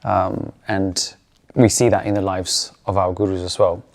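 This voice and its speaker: A man speaking in a calm, measured way during a reflective spiritual discussion. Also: deep voice.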